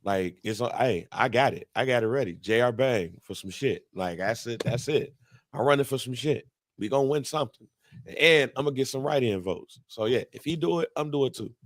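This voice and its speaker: Man, casual podcast chat, blunt and profane, middle-pitched voice, dry close sound. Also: lively intonation, a little fast, no room sound. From Midwest United States. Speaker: podcast co-host.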